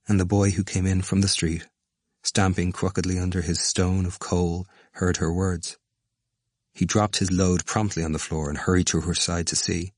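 A man with a very deep voice reads a novel aloud at a measured, even pace. The sound is dry and close, with no room around it. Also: no room sound. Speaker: narrator. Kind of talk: audiobook narration of a novel.

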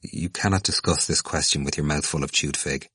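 A man's voice: rumbling low, brisk, sharp tone, slightly rough, no echo, clean studio sound, heavily acted. A man reading a proud, defiant young male student with curt, clipped replies.

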